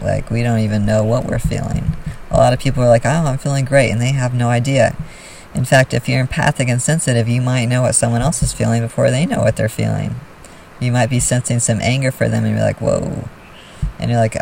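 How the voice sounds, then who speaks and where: Gravelly man giving earnest self-help talk. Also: medium pitch, a little mellow, far from the mic, slight background noise, poor audio. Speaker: vlogger.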